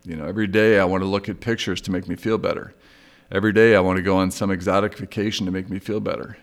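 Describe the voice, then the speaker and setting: Deep-voiced man, candid recovery talk. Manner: candid, reflective, confessional. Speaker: podcast host. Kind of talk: solo recovery podcast monologue.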